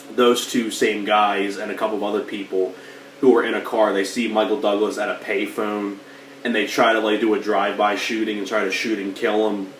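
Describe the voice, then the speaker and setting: A movie reviewer with a lowish voice talks through a film in a loose, rambling way, packed with "like" and "you know." He's getting over allergies and coughs now and then. The mic sits well back in a roomy space, with a faint hiss underneath.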